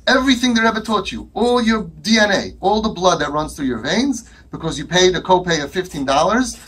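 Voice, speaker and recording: A man's voice: high-pitched, animated, brisk, a bit bright, breathy edge. A man giving an impassioned talk to a live audience, firing rhetorical questions and acting out dialogues. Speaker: speaker addressing an audience.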